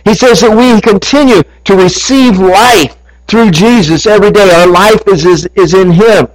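A man's voice: high-pitched, moderate pace, rough recording. A man preaching a sermon to his congregation, earnest and building to emphatic peaks. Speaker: pastor.

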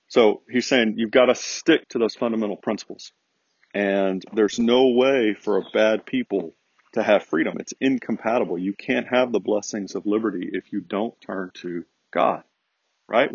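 A man talks through his podcast in an earnest, preachy monologue, calling his listeners folks. His voice sits low and a little husky. The audio is dry and a touch muffled. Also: moderate pace, no room sound. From United States. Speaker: podcast host. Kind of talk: conservative opinion podcast monologue.

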